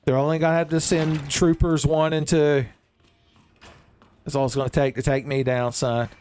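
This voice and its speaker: A man giving casual, jokey let's-play commentary, rambling and breaking into excitable outbursts. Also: fairly high pitch, normal speed, smooth. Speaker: gaming streamer.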